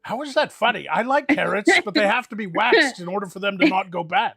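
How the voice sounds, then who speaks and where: A man's voice: sits high, lively intonation, fairly quick, vocal fry, sharp tone, breathy edge, no room sound. A man rambling through crude, comic adventure stories in an improvised role-play livestream. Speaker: game master and player.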